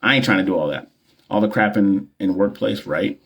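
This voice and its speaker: A man with a slightly low voice talks casually into his phone during a livestream. He is a nurse and coach who rambles in a loose, slangy way, cracking jokes and filling gaps with "like" and "you know.". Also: a little fast, gravelly, fairly bright tone, slightly rough. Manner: loose, slangy and joking, with many fillers and repeats. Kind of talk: casual livestream chat with viewers.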